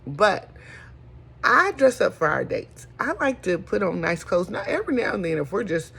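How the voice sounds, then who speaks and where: A woman's voice: medium pitch, big pitch swings, moderate pace, creaky, a bit bright, breathy edge. A middle-aged woman, hosting a folksy casual chat and calling listeners honey. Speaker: host.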